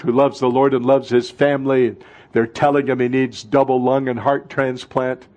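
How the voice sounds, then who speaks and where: A man in his sixties preaching a sermon to a congregation in a church, impassioned, swinging between fervent outbursts and hushed, intimate moments. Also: mid-range voice. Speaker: pastor.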